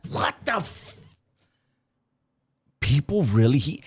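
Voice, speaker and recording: A man with a mid-range voice talks over a clip in a loose, conversational way, his pitch swinging widely as he mocks what he hears. He is dry and sarcastic, spinning anecdotes between jabs. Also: sing-song, moderate pace. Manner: sarcastic, mocking storyteller. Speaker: reaction commentator. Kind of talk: reaction commentary.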